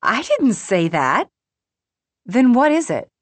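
A woman's voice: on the high side, wildly swooping pitch, slow pace, dry recording, pitched above the performer's own voice, exaggerated voice. A woman narrator voicing an earnest young woman friend in an audiobook. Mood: pressing. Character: young adult woman friend, defensive then apologetic.

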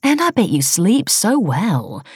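A woman voicing a brash woman producer, the talk show host's wife, in a higher, eager voice. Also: very animated, slow, husky, no room sound, studio quality, full character voice.

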